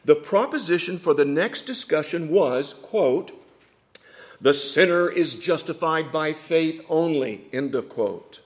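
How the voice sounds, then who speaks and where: A man preaching a sermon, telling a story with dramatic swings from hushed asides to loud emphatic points. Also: fairly high pitch.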